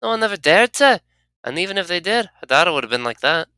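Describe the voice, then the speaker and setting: A player voicing a prickly young tiefling woman, gruff and defensive. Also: mid-range voice, sing-song, fast, bright, forceful tone, no room sound, voice pushed up. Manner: gruff, defensive, inverted word order. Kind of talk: reading game dialogue aloud.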